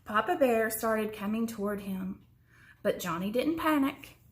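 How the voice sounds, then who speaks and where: Woman storyteller for a children's book; slow, expressive reading, fairly high voice. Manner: expressive, slows down for suspense, sometimes drops to a whisper.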